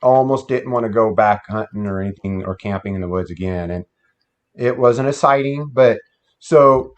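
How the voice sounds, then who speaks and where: A man's voice: fairly low pitch, moderate pace. Folksy man telling a campfire story. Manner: plain-spoken, folksy. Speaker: guest telling an encounter story. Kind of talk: casual storytelling. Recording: dull lo-fi sound.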